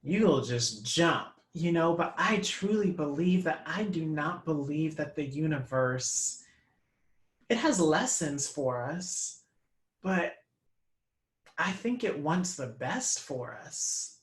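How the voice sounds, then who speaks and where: A man as an interview guest, telling a lively story and acting out the voices he quotes. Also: a little high, slow pace, echoey room. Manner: lively anecdote teller, acts out quoted voices. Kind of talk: animated storytelling in conversation.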